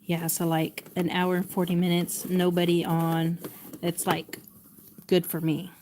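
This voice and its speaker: A woman's voice: fairly low pitch, monotone, unhurried, darkish tone. Chatty woman muttering while sewing. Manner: chatty, muttering to herself, laughs a lot. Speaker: quilting vlogger. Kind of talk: casual talk to herself while sewing. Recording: sewing machine noise behind.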